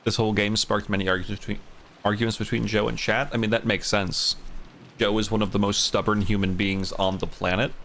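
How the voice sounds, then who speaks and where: A male streamer talking casually while he plays, wandering through his thoughts with many restarts. His voice is low and gravelly, with plenty of fry. Faint background noise sits under the speech. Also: flat delivery, brisk, fairly bright tone. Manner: rambling, laughing, many restarts. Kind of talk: casual chat during a game stream.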